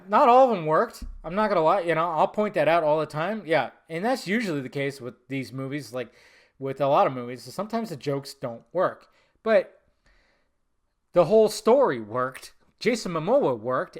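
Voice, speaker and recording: A man's voice: on the high side, a bit bright. A man hosting a film podcast in casual chat, swearing freely and rambling off on tangents with lots of self-corrections. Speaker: podcast host.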